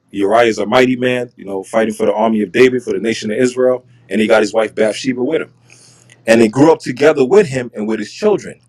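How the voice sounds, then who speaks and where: A man leading a Bible study, reading verses aloud and then explaining them in casual, slangy talk. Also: mid-range voice. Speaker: Bible teacher. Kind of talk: casual scripture teaching.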